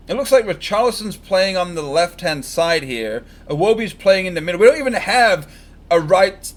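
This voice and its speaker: A man chatting casually and joking while commenting live on a football match he is watching for his stream. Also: high voice. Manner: chatty, joking, fan-biased predictions.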